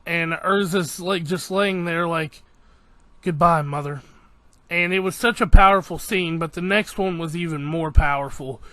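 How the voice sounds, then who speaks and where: Bright, high-voiced excited male reviewer. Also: moderate pace, hardly any pauses, no echo. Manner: excited, swears freely, re-enacts scenes. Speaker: anime reviewer. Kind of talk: casual episode recap.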